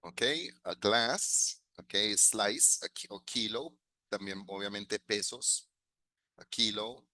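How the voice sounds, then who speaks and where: Patient teacher. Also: male voice, fairly low pitch, unhurried, bright, forceful tone, no room sound, low-quality recording. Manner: patient, repeats and corrects words, praises students. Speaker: English teacher. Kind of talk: classroom lesson mixing English and Spanish.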